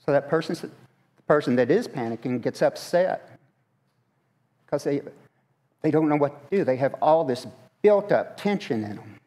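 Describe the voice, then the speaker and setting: A man's voice: on the high side, lively intonation, normal speed, pauses often, dark tone. Man preaching in a reverberant church. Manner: conversational, asks the congregation questions. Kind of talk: sermon. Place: church sanctuary. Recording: long hall reverb.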